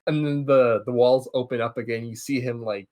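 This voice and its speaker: An animated young man hosts a casual podcast recap. His voice sits at an everyday middle pitch, and he keeps slipping into quick impressions of the characters as he talks. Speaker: podcast host.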